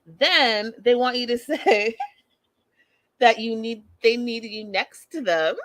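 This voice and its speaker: A woman hosting a casual reality TV recap, talking in an animated, exasperated, gossipy way. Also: a little high, slow pace. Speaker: host.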